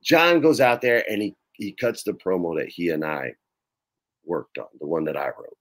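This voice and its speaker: A middle-aged man, a guest in an interview, telling casual anecdotes in an animated way, swearing freely and acting out what others said. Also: sits low, normal speed. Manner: animated, swears freely, acts out quoted lines.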